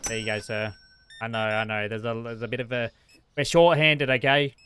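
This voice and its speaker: Bright, flustered young man streaming a game. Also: fairly low pitch, monotone, fairly quick, slight background noise. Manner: frantic, talking to game customers. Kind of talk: live-streamed gameplay commentary.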